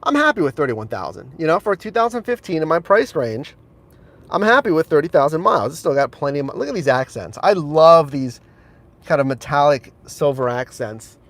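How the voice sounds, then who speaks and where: A man's voice: fairly high pitch, big pitch swings, a little fast. Upbeat man giving a car tour on a live stream. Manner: enthusiastic, chatty, addresses viewers as guys. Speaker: rideshare driver and streamer. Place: in and around a car outdoors. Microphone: handheld phone camera.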